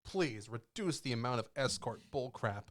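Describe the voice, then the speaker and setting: A young man with a mid-height voice chats on a casual gaming podcast. He gets excited fast, laughs a lot, and tumbles through stories with quick asides. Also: medium pitch. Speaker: podcast co-host.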